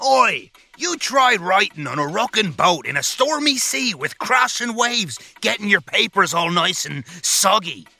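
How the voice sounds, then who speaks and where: A man voicing a gruff, boastful male pirate with a British accent and dropped-grammar pirate talk, for a children's podcast. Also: sits high, big pitch swings, measured pace, few pauses, pushed and bright, exaggerated voice. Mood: grumbling. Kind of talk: children's educational podcast character. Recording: music playing under the voice.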